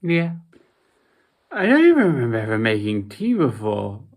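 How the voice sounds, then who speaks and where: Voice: mid-range voice, huge pitch swings, moderate pace, darkish tone. A sleep-deprived young adult vlogger talking in a casual, rambling way, mumbling at times and then perking up in sudden bursts.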